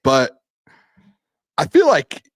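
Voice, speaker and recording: A man co-hosting a sports podcast, talking in animated, rambling asides. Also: on the high side, drawn-out words, no echo. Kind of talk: casual sports chat.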